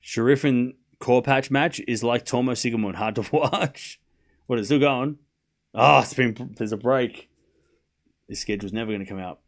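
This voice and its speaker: A man's voice: medium pitch, moderate pace. An Australian man hosting a live tennis stream, ranting casually and mockingly to his viewers. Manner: animated, mocking, talks straight to chat. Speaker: livestream tennis host.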